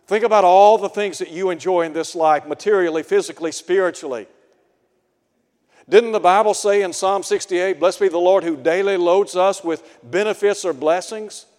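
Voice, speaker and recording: A man preaching a radio sermon, slow and deliberate, asking his listeners pointed rhetorical questions. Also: high voice, a little mellow, big-room sound.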